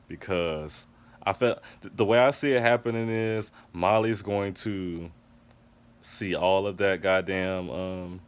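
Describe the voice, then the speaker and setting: Emphatic, profane man reviewing TV. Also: on the low side. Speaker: TV episode reviewer. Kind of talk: casual recap and review monologue.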